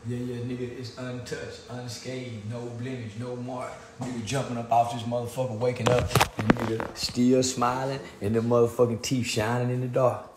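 A man ranting boastfully into his phone camera outdoors in the sun, taunting and laughing as his voice swings loud and high. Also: little pitch movement, moderate pace, few pauses, reverberant, background noise. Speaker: internet personality. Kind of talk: boastful selfie vlog rant.

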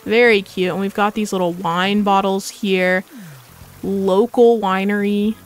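A woman's voice: medium pitch, steady tone, unhurried. Woman, gaming host, casual tour commentary, bubbly, gushing.

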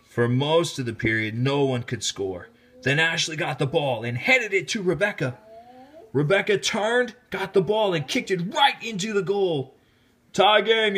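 A male teacher with a husky voice reads a children's picture book aloud, animated throughout. At the exciting parts he rises to high, excited shouts.

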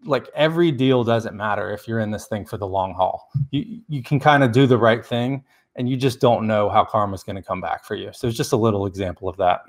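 A man's voice: fairly low pitch, fairly quick. Earnest man giving investing advice. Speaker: real estate investor guest. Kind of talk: casual interview storytelling.

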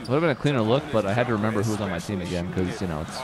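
A man's voice: on the low side, expressive, very fast. A man co-hosting a basketball video game session, joking, laughing often and talking through his plays. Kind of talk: casual let's-play chat. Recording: game crowd audio underneath. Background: video game arena crowd.

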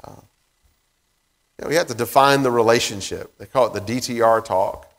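Conversational pastor in an echoing church. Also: male voice, medium pitch, normal speed. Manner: conversational, many fillers and restarts. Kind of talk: sermon. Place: church sanctuary. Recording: long reverb of a church hall.

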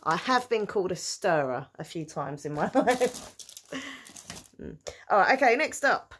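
A woman chatting casually through a shopping haul, giggling and breaking into excited cheers. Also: lowish voice, unhurried, a little hiss or hum. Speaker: vlogger.

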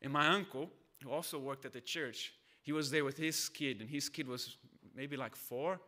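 A man's voice: mid-range voice, normal speed, pushed and bright. A man from Brazil, a pastor, preaching a sermon in a conversational, storytelling way. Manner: conversational, storytelling with acted voices.

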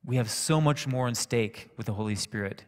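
A man preaching a sermon, telling a personal story in a calm, conversational way. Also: medium pitch, brisk. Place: church sanctuary. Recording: echoey church hall reverb.

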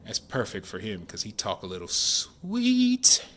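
A man, chatting excitedly while opening sports card packs at home and keeping his voice down. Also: deep voice, fast, breathy edge. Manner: excited, chatty, says y'all often; keeping voice down while kid sleeps. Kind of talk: casual card-opening vlog. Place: home, at night.

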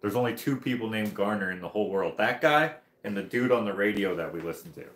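A man's voice: fairly low pitch, animated, fast talker, a bit bright. A man hosting a livestream, telling a long casual story in a rambling way, laughing and restarting often. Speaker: livestream host. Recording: roomy echo.

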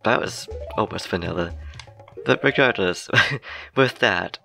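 Young male gaming YouTuber, low fry-tinged voice, giggly and rambling, game music underneath. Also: a little slow, pushed and bright. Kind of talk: casual let's-play commentary.

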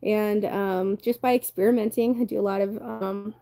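A woman's voice: medium pitch, steady tone, moderate pace, creaky, dark tone, soft background music. A young adult woman from the Southern United States, chatting casually on a livestream, reading viewer comments aloud and laughing often as she rambles. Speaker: livestream host.

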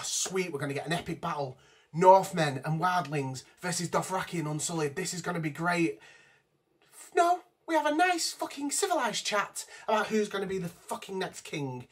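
A man's voice: sits high, fairly bright tone, slightly rough. A man giving an exasperated, profane rant reviewing a TV episode from his notes. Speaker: vlogger. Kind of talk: ranting TV review.

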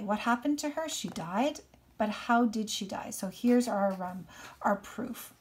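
A woman's voice: on the high side, moderate pace. Woman reading a novel aloud to a class. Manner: expressive reading with explanatory asides. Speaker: English teacher.

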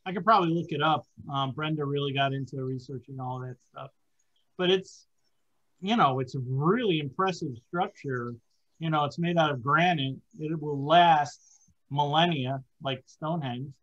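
A man's voice: on the high side, normal speed, fairly bright tone, lo-fi sound. A man hosting a casual podcast chat, rambling with many fillers and hesitations. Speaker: podcast host.

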